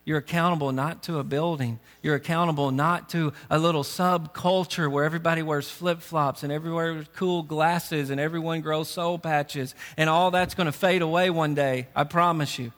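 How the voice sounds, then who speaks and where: A man's voice: fairly high pitch, fairly even intonation, normal speed, few pauses, a bit bright, close to an everyday voice. A man voicing a missionary who bluntly rebukes a comfortable church, with mock asides. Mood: rebuking. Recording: long reverb of a big hall.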